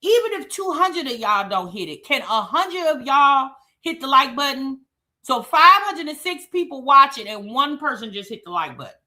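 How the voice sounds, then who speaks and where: Woman streamer, high bright voice, breathless auctioneer-style chant. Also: very animated, moderate pace. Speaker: livestream host. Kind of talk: casual livestream chat.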